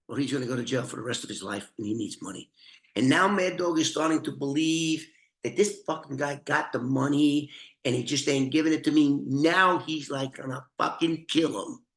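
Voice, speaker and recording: A man's voice: a little high, fairly bright tone. An older man, a former informant, telling a true crime story in a profane, rambling, conversational way. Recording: roomy echoey room.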